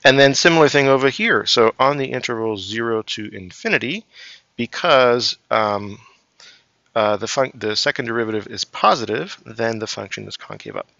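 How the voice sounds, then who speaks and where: Gravelly male math lecturer. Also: mid-range voice, expressive, moderate pace, bright, forceful tone, no room sound. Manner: explains step by step with frequent "um" and "right?". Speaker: math professor. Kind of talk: recorded calculus lecture. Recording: dry, slightly dull lo-fi recording.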